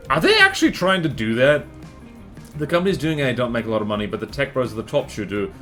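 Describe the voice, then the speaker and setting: A male game streamer with a lively, bouncing voice that rises and falls a great deal. He rambles through his opinions while reacting to the fights on screen and chatting with his viewers. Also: medium pitch, quick pace, soft background music.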